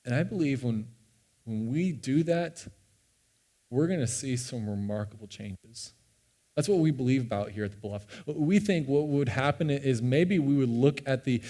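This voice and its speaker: A young man, a pastor, telling a personal story in a sermon with earnest, animated delivery and frequent restarts. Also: mid-range voice, normal speed. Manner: earnest and animated, often repeating words as he restarts. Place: church sanctuary.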